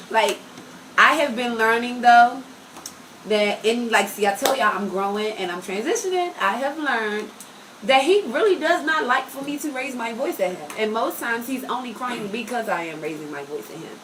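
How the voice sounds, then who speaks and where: A woman hosting a casual talk show, telling stories loudly and with animation. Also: a little high, normal speed, recorded from a distance, slight background noise, low-quality recording. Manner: loud, animated storytelling. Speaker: host. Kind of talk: casual podcast chat.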